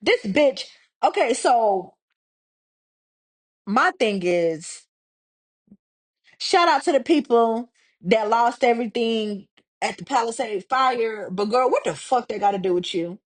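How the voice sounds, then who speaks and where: A woman's voice: on the high side, expressive, slow pace, long pauses. A young woman from Texas hosting a casual solo podcast, swearing freely and ranting with heated sarcasm. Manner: profane, heated and sarcastic, mocking others in put-on voices. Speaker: podcast host.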